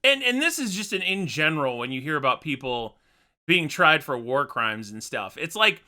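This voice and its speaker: Young man, reaction video host, casual rambling chat, self-deprecating, high and bright voice. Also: big pitch swings, moderate pace. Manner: rambling, self-deprecating, thinks aloud with restarts.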